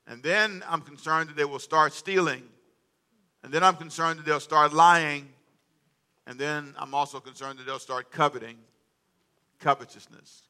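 A man's voice: mid-range voice, bright, forceful tone, smooth. A middle-aged man preaching a sermon as pastor, calling on the congregation to read along and answer back. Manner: call-and-response preaching, asks congregation to read aloud.

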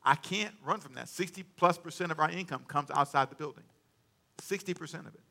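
A male pastor preaching a sermon in church, leading the congregation in call-and-response and swinging between loud and quiet delivery. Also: on the high side, fairly quick, vocal fry.

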